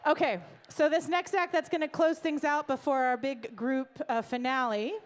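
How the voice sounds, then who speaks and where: A woman hosting a live stage event, playful and energetic, shouting out to the crowd and reading messages in a music venue. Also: high voice, normal speed. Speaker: event host.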